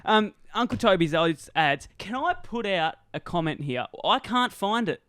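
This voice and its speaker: A young man runs the interview with a smooth, clear voice pitched a little high for a man, teasing his guest and laughing along. He sounds dry and close to the mic. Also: expressive, normal speed, a bit bright, dry recording. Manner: teasing, laughs often, repeats phrases. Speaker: podcast host. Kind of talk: casual interview chat.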